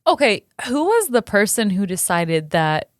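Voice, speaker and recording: A woman co-hosting a comedy podcast, playful and quick with jokes and banter. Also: mid-range voice, big pitch swings, no room sound, studio quality. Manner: playful, quick to joke and laugh. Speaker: podcast co-host. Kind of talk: casual comedic chat.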